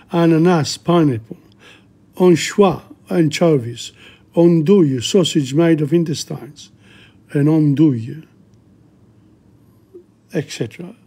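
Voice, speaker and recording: A man teaching a casual vocabulary lesson, slowly repeating words aloud with hesitant fillers. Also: a little high, vocal fry, mellow, breathy edge. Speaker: language teacher.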